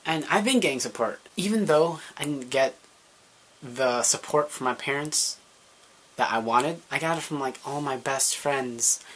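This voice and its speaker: Unhurried and fairly bright in tone, a young vlogger with a mid-range voice recounts a personal story to camera. His delivery is chatty and loose, packed with fillers and brief impersonations of what people said.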